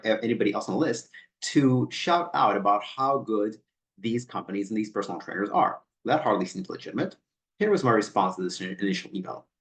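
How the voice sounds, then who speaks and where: A man who is a personal trainer, reading emails aloud and picking them apart in a skeptical, pointed way, often restarting on repeated words. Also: on the low side. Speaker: personal trainer and channel host.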